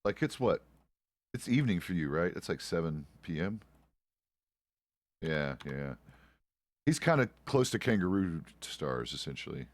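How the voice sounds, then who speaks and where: A man's voice: deep voice, sing-song, a little slow, long pauses, no echo. A man streaming a western roleplay game, chatting casually in character as a deputy with loose, profane, rambling asides.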